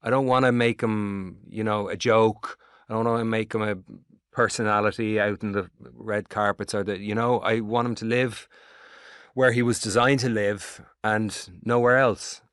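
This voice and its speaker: A middle-aged Irish actor in a casual interview, telling long rambling stories with lots of swearing. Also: male voice, lowish voice, moderate pace, smooth, no room sound, studio quality. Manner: rambling, animated storytelling with swearing. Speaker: actor guest.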